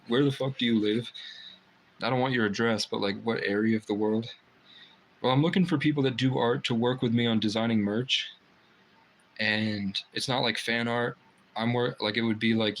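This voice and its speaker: A man's voice: on the low side, fairly even intonation, moderate pace, fairly bright tone, a little hiss or hum, low-quality recording. A man hosting a casual livestream from a private room indoors, rambling and swearing freely as he chats. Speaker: livestream host.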